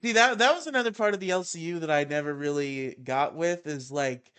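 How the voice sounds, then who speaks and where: A man's voice: on the high side, fairly quick, fairly bright tone, clear, resonant tone. A man hosting a live stream, talking bluntly and swearing in casual chat. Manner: blunt, profane, joking. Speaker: show host.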